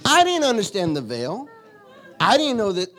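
A man preaching a sermon, moving from solemn teaching to lively storytelling. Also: sits high, moderate pace, slight background noise. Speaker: pastor.

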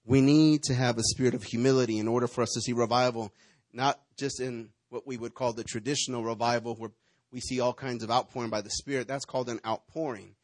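A pastor preaching a sermon, calling on the congregation to answer him, moving from hushed asides to rousing calls. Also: male voice, mid-range voice, fairly even intonation, fast, dry recording. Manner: preachy call-and-response, shifting from hushed to rousing.

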